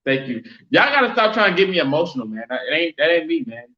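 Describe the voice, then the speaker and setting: A man hosting a casual sports fan live stream, chatting loosely and giving viewers shout-outs. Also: fairly high pitch, very animated, quick pace. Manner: casual, reads and answers chat shout-outs. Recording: roomy, dull lo-fi sound.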